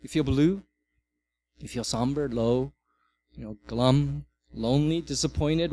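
A middle-aged male pastor giving a sermon, swinging from loud, emphatic passages to soft, quiet ones. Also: mid-range voice, a little slow. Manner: animated, varies loudness widely.

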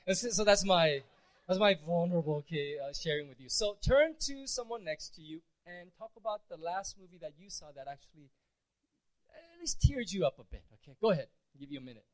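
A man's voice: high-pitched, animated, fairly quick, poor audio. A man preaching a conversational sermon as pastor, chatty with frequent restarts.

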